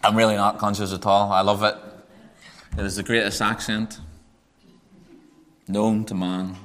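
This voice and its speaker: A man's voice: little pitch movement, unhurried, fairly bright tone. A man with a Northern Irish accent preaching a Bible teaching sermon, conversational, with joking asides. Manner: conversational, joking asides, pitch rising when stressing points.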